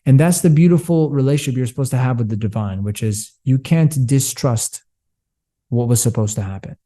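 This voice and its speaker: This man, a business coach, speaks a little fast in a mid-range voice with a dark tone. He's passionate and preachy in a candid interview, telling stories where he quotes himself and other people.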